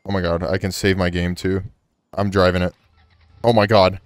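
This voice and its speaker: A man casually chatting and swearing excitedly while playing a co-op video game. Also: sits low, moderate pace, clean tone, no room sound. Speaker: gameplay streamer. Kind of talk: casual co-op gameplay chat.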